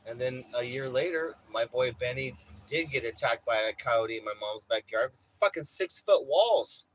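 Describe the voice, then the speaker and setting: A man's voice: medium pitch, lively intonation, normal speed, fairly bright tone, slight background noise, low-quality recording. Profane rambling man telling a story. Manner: profane, rambling, says bro a lot. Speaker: vlogger. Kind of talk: casual storytelling.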